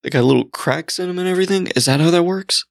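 A man co-hosting a casual podcast chat, telling rambling, profane stories and jumping to high, excited exclamations. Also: fast, creaky. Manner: profane, rambling storyteller with big excited pitch jumps.

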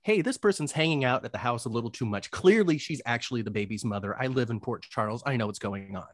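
A man's voice: medium pitch, expressive, quick pace, no echo, clean studio sound. Wry man chatting on a podcast. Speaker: podcast co-host. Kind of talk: casual chat about a soap opera.

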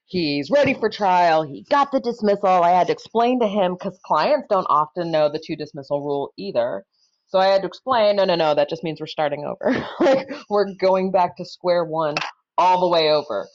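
Animated woman, swinging pitch, lo-fi. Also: moderate pace. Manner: animated, loud and expressive. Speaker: public defender, guest. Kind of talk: casual podcast storytelling.

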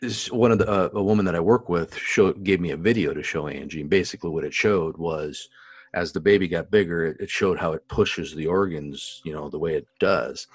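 A very deep-voiced man co-hosts a casual podcast. He talks in an animated, chatty way and laughs often. His voice sounds dry and close, with no room around it. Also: brisk, slightly rough, no echo. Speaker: podcast co-host, expectant father. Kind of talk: casual chat.

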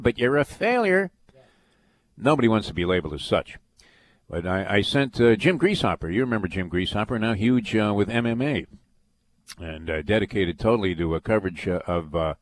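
A man hosting a sports radio show, telling long rambling stories with lots of fillers and restarts. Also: on the low side. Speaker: radio sports talk host. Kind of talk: casual storytelling on sports radio.

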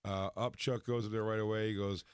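A man's voice: on the low side, fairly quick, clear, resonant tone, no echo. A comedian telling a funny story in a casual chat, acting out the people he quotes. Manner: animated, acts out quotes with laughter. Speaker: comedian guest.

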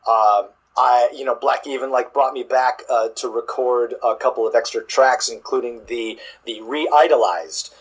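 A man with a husky, slightly breathy voice talks casually as an interview guest. He trips over his words, restarting sentences and filling gaps with fillers. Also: mid-range voice, rough recording. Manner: halting, many restarts and fillers. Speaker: guest drummer.

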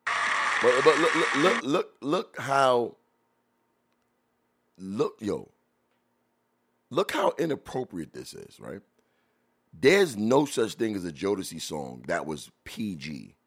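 A man hosting a podcast, reacting to old videos in blunt, profane casual chat, laughing loudly as he jokes, into a studio mic. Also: on the low side, big pitch swings, slow, long pauses, slightly rough. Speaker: podcast host.

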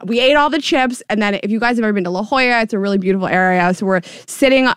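A young woman co-hosting a podcast, telling a story in a casual chat, animated, laughing and swearing. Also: medium pitch, rapid-fire, clear, resonant tone, no room sound, studio quality. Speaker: podcast co-host.

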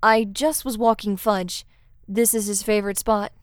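A woman reading the lines of a shy, halting male god of the dead in a storybook narration. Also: mid-range voice, steady tone, no echo, studio quality, natural voice. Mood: flustered. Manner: halting, apologetic.

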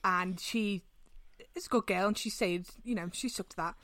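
A young woman, hosting a podcast and telling stories in casual, animated, sweary chat. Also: mid-range voice, normal speed. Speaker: podcast host.

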